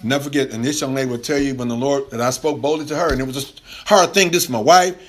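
A fast-talking male pastor with a mid-range voice preaches loosely and conversationally, often laughing and restarting what he's saying.

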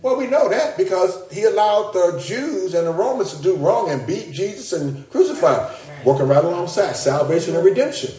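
A man preaching a sermon, his voice pitched a little high. He talks in an animated way, jumping up for emphasis and doubling back on his words. The room around him rings with echo. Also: normal speed.

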